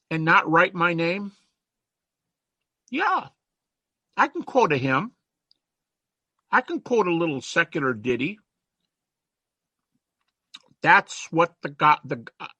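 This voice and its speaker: An older American man gives an informal lecture in a chatty, emphatic manner. His bright, slightly husky voice sits a little higher than most men's, and the recording is dry with no room sound or echo.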